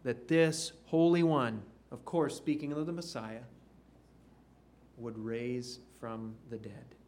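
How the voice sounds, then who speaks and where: A man's voice: mid-range voice, fairly even intonation, slow, a little mellow. Man preaching a sermon, emphatic scripture reading. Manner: reads scripture aloud, then explains with rising emphasis. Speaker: pastor.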